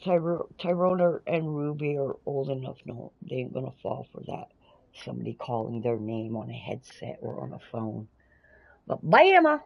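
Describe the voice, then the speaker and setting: Gravelly Canadian woman streamer. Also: very deep voice, steady tone, normal speed, dull audio. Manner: swears freely, loud playful outbursts. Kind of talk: casual live-stream chat while gaming.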